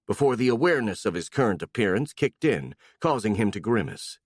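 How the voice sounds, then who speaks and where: Brief: man reading fantasy audiobook, expressive, dry booth sound. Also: medium pitch, fairly quick, hardly any pauses, no echo. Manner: expressive, voices each character. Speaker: audiobook narrator. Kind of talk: scripted fantasy narration.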